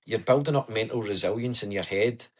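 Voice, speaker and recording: A man's voice: on the low side, fairly quick, breathy edge. A man as a podcast guest, telling his story in an earnest, chatty way. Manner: earnest, storytelling, says "aye" and "wee" often. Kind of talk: casual interview chat.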